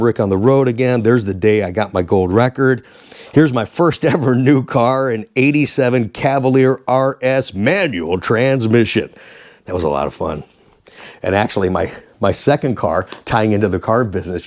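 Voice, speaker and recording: A man in his sixties, a former radio DJ and host, telling rambling, animated anecdotes casually. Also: medium pitch. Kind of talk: casual storytelling.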